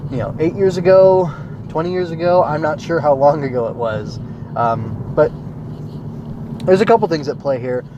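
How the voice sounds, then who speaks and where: A man's voice: medium pitch, highs cut off, noisy background. A man hosting a solo anime review podcast, talking casually and thinking aloud, drifting into tangents with lots of filler words. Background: smooth jazz music playing.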